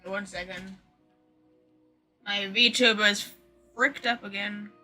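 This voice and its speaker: A woman's voice: medium pitch, steady tone, slow, pushed and bright, faint music behind. A young British woman chatting casually on a game stream, laughing easily and reacting aloud. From Britain. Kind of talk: casual live-stream chat.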